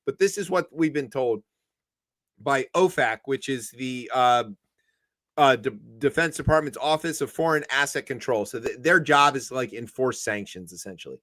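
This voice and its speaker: A man's voice: mid-range voice, moderate pace, fairly bright tone, no echo. A man co-hosting a comedic news chat show, talking casually and animatedly and acting out quoted voices for laughs. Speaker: co-host.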